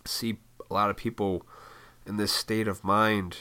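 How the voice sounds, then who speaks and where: A man hosting his own podcast, rambling easily from one thought to the next and swearing freely. His voice sits fairly low but has a bright, forceful edge. The delivery is relaxed and conversational, like an unscripted solo chat. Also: measured pace. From Illinois. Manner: laid-back, rambling, heavy swearing. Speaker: podcast host. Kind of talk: casual solo podcast monologue.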